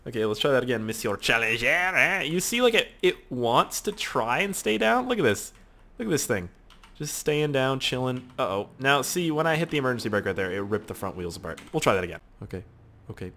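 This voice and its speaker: Brief: young male gaming YouTuber, lively swinging pitch, loud and profane, mock-despairing commentary into a desk mic. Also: fairly quick, a little hiss or hum. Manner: excitable, swearing, mock-despairing. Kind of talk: casual gameplay commentary.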